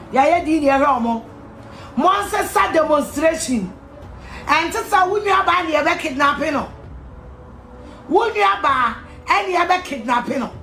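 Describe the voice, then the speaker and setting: A Ghanaian woman with a very high voice delivers a heated rant, hammering her points through repetition and bursts of shouting. She sounds sharp and scolding throughout. Her voice rings in an echoey room with faint music behind it. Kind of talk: angry rant to camera.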